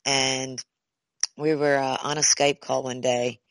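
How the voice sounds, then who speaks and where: A woman chatting as a conference co-chair, high energy and excitable, often restarting and repeating words. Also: slow pace, no echo, rough recording. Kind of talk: casual conversation.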